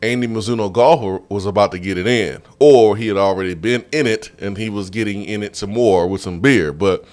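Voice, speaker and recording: Lowish guy on sports radio, chatty storyteller, laughs a lot. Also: a little fast, few pauses, darkish tone. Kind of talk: casual storytelling. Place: radio studio.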